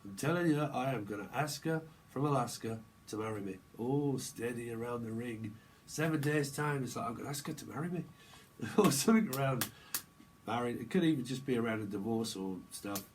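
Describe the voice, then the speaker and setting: A man's voice: medium pitch, normal speed, slight background noise, rough recording. A man giving a casual, rambling tarot reading, laughing often and using slang. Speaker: tarot reader.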